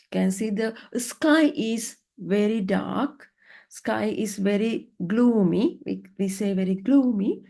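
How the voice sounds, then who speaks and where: A woman's voice: medium pitch, expressive, takes it slowly, mellow. A woman teaching an online lesson, patient and encouraging, often checking in with "right?". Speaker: English teacher. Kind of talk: online English lesson, coaching students. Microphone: video call.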